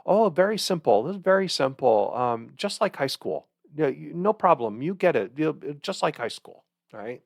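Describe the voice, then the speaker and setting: A man's voice: a little high, sing-song, moderate pace, gravelly, hardly any pauses, no echo, studio quality, voice pushed up. A man putting on a cheerful, breezy professor. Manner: breezy, reassuring. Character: cheerful fast-lecturing older male professor.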